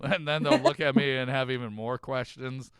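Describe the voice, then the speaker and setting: A man hosting a casual show recap, joking loudly and laughing often. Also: mid-range voice, expressive, normal speed, clear, resonant tone, no room sound, clean studio sound. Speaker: host.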